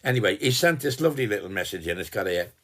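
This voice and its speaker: A man in his eighties playing a gruff, cheeky old working-class dad, rambling and swearing casually in a comic Christmas greeting. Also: lowish voice, expressive, fast talker, fairly bright tone. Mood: jokey. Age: 80s. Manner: rambling and chatty, swears casually, trails off and restarts. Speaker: sending a personalized Christmas video greeting. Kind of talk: rambling in-character comic monologue.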